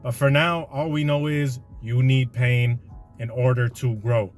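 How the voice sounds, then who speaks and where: A man's voice: mid-range voice, fairly even intonation, a little slow, faint music behind. A man hosting a podcast, delivering a slangy, conversational motivational monologue with a preachy edge. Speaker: podcast host.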